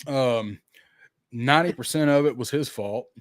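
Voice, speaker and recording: Southern male podcast co-host, lively storyteller, swears, dry close sound. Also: medium pitch, normal speed, no echo. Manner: animated storyteller, swears freely, acts out quotes. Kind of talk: casual storytelling chat.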